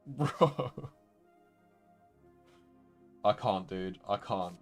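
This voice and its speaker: Young male gamer, live commentary, annoyed and self-critical, mid-range voice, music low in the background. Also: expressive, unhurried, hardly any pauses, breathy edge. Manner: frustrated, repeats himself, self-critical. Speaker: game streamer.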